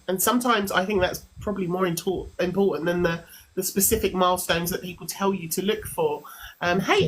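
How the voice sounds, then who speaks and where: A woman's voice: lowish voice, low-quality recording. A woman hosting a live call-in stream, friendly and organised, who keeps callers moving.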